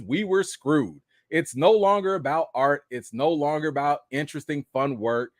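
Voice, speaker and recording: A young adult man hosting a live chat stream about film news, talking straight to his viewers in a casual, animated way. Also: fairly high pitch, no echo, studio quality. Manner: animated, talks straight to viewers with lots of "y'all" and "okay".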